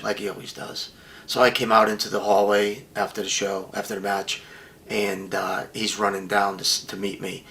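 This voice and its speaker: A man's voice: fairly low pitch, creaky, a bit bright. An older man bluntly telling a profane story as an interview guest, often acting out what others said.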